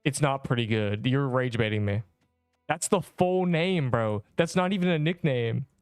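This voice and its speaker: A man's voice: mid-range voice, moderate pace, smooth, no echo, studio quality, soft background music. Young man streaming, slangy mock rage. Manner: joking mock outrage, slangy and rambling. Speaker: game streamer. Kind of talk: casual livestream chat.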